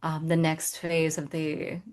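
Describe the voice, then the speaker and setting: A woman spiritual teacher answering interview questions, thinking aloud with pauses. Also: low-pitched, monotone, darkish tone.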